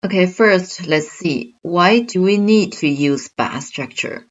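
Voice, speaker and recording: Slow-speaking woman teaching grammar. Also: lowish voice, expressive, muffled recording. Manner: slow, careful explaining with examples. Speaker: Chinese language teacher. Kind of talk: online grammar lesson.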